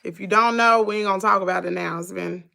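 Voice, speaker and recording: A woman's voice: medium pitch, fairly even intonation, fast, gravelly, bright, forceful tone. A middle-aged woman with a Southern US accent, chatting casually with viewers on her livestream in a folksy way. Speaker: livestream host.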